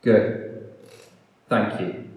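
A man's voice: very slow, narrow, tinny audio. A man preaching to a church congregation, self-deprecating and rambling, then leading prayer. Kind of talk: sermon and closing prayer. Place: church hall. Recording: echoey hall, distant mic.

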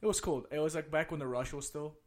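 A young man from the Chicago area hosting a casual chat, telling stories with heavy swearing that gets loud and laughing as they build. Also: on the high side, fast talker.

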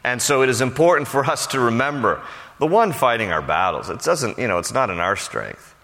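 A man's voice: mid-range voice, big pitch swings, fairly quick, vocal fry, pushed and bright, in a large hall. A man preaching a Bible study sermon in a conversational way, with frequent fillers and restarts. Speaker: pastor.

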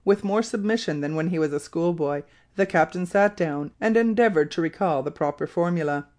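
Audiobook narrator, steady classic-novel reading, mid pitch. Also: brisk.

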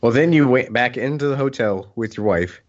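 A man co-hosting a casual chat, telling a story in an animated way and acting out what others said. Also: medium pitch, a little fast. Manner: animated, acts out quoted voices. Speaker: podcast co-host. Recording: muffled lo-fi recording.

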